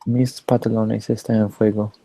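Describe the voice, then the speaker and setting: A man's voice: on the low side, flat delivery, moderate pace, very noisy. A laid-back man chatting casually with friends, often chuckling. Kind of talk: casual chat among friends.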